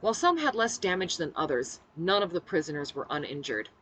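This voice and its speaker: A woman's voice: fairly low pitch, sing-song, a little fast, fairly bright tone, poor audio. A woman reading her own novel aloud in the first person, voicing the dialogue expressively. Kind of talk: audiobook-style first-person narration.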